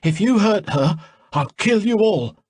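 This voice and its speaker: A man's voice: high voice, lively intonation, a little slow, breathy edge, no echo, voice pushed up, heavily acted. A man voicing a brave, defiant young man in an audiobook, speaking urgently.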